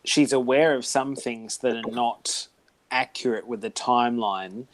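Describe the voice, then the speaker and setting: A man co-hosting a casual book discussion, measured and helpful with words. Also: medium pitch, a crowd in the background. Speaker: book club co-host.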